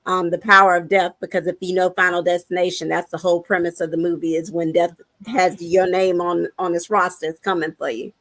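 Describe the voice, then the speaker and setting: A woman co-hosting a casual chat podcast over a video call, recounting things in an earnest, relaxed way. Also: on the low side, a little fast, few pauses, dry recording. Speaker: podcast co-host.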